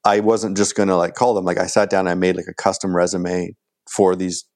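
A man's voice: low voice, little pitch movement, a little fast, a little mellow. A middle-aged man casually telling a long anecdote as a podcast guest, full of "like" and restarts, acting out quoted dialogue in a raised voice. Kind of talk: casual storytelling.

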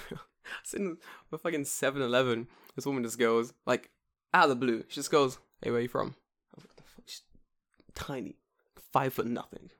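Un hombre joven de Londres con acento londinense, que cuenta anécdotas en una charla informal, con muchas palabrotas y arrebatos de voz fuerte. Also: male voice, medium pitch, normal speed, long pauses. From England. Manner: profane, animated storytelling with sudden loud outbursts. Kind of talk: casual chat.

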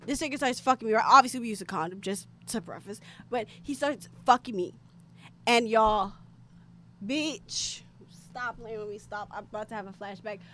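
A young American woman telling a story in casual, animated chat, with lots of filler words and sudden loud outbursts. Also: a little high, normal speed. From United States. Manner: animated, chatty, filler-heavy, bursts into shouting.

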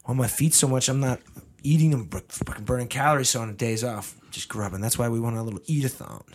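Podcast host, male, husky voice, quick and loose, profane casual talk. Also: mid-range voice. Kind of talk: casual chat. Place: based in the US.

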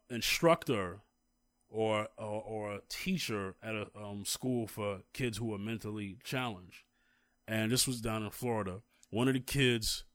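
A man with a fairly low voice tells a long story while co-hosting a casual talk, his storytelling turning more heated and emphatic along the way. The studio-quality recording has no echo.

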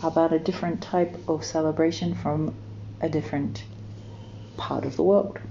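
A woman from New Zealand reads a children's story aloud, then explains the festival behind it. Her voice is low and mellow, gentle and unhurried. The recording is dull and lo-fi, with faint noise underneath. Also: steady tone, vocal fry. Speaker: storyteller, podcast host.

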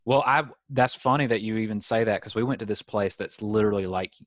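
A man's voice: lowish voice, fast talker, a bit bright, dry recording. A young man with a Southern accent, hosting a casual podcast chat and telling stories full of "like". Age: young adult. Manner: chatty storyteller, many "like" fillers. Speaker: podcast host. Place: home in San Diego.

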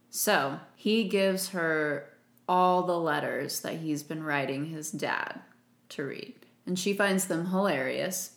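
A woman's voice: low-pitched, slow pace, gravelly. A woman co-hosting a podcast, chatting casually and laughing as she recaps a movie plot. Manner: chatty, laughs often, acts out quotes. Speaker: podcast co-host. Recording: echoey room.

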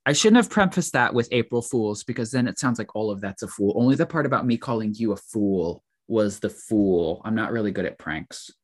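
A man's voice: fairly low pitch, expressive, fairly quick, hardly any pauses. A man co-hosting a podcast in casual chat, teasing and rambling as he talks. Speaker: podcast co-host.

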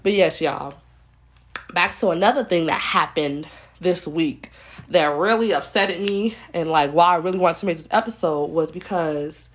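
A woman's voice: lowish voice, normal speed. A young woman in a casual vlog, ranting to her viewers bluntly and heatedly, repeating herself and filling her speech with "like" and "y'all". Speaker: commentary vlogger.

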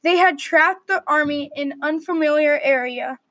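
A woman reading a medieval adventure story aloud at a steady read-aloud pace. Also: high-pitched, normal speed, no room sound.

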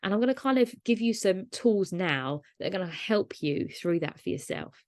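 A woman's voice: medium pitch, lively intonation, moderate pace, a little mellow, no room sound, clean studio sound. A woman hosting a solo podcast, talking through ideas in a conversational, reflective way with frequent rhetorical asides. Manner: conversational, reflective, uses rhetorical tags like "right?". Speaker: podcast host.

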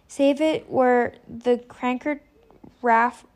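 A nervous clergyman begs for the child to be calmed, earnest and uneasy in archaic phrasing, as a woman reads his lines in a storybook. The voice stays fairly high, close to the reader's own. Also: drawn-out words. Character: anxious male clergyman, uneasy and pleading. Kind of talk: audiobook character reading.

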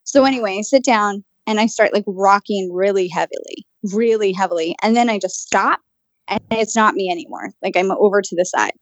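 A woman co-hosting a casual podcast, telling a story in an animated way, full of "like" fillers and the odd swear. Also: medium pitch, fairly quick, dry recording. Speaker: podcast co-host and channel. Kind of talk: casual chat. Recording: dull, dry, lo-fi sound.

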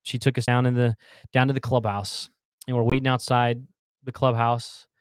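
Here a man in his thirties, with a smooth medium-pitched voice at normal speed and a dry recording, chats casually on a video call. He narrates a story animatedly, restarting and repeating words as he acts out fans yelling.

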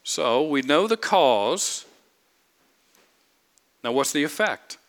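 A man's voice: on the high side, sing-song, slow, fairly bright tone. A man preaching a sermon, emphatic, repeating phrases and asking the congregation rhetorical questions. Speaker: pastor.

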